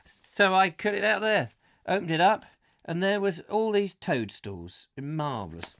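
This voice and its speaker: A man's voice: high-pitched, expressive, measured pace, creaky, a bit bright. A man from England hosting a live comic chat show, rambling and jokey. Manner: rambling, jokey, does silly voices.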